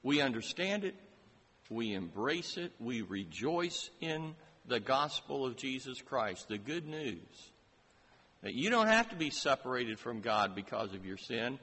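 Slow, emphatic preacher in a reverberant hall. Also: male voice, medium pitch, very animated, sharp tone, slightly rough. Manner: slow, emphatic preaching with rising rhetorical questions. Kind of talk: sermon. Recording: long reverb of a large hall.

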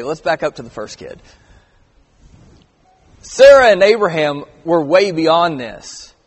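High-voiced man preaching in a reverberant hall. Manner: conversational preaching with emphatic stresses and scripture reading. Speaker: pastor. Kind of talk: sermon.

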